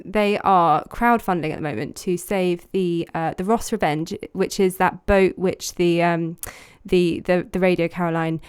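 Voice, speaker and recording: A woman who is a broadcast journalist, chatting on a media podcast with warm, hesitant fillers. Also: lowish voice, fairly even intonation, unhurried, hardly any pauses, smooth. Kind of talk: casual media discussion.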